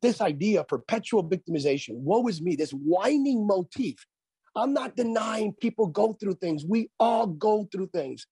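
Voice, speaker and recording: A man's voice: sits high, expressive, moderate pace, dark tone, husky, no echo. A man who is a pastor and author, speaking as a radio interview guest in an emphatic preaching cadence and repeating phrases for effect.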